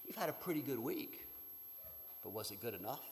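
A man preaching a sermon as pastor, shifting between hushed, whispered lines and loud, emphatic ones. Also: medium pitch, sing-song, fairly quick, vocal fry, a little hiss or hum. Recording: reverberant hall.

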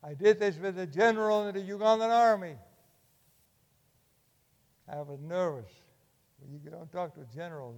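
Older preacher in a reverberant hall. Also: male voice, a little high. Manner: impassioned, swings from loud urging to hushed. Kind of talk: sermon.

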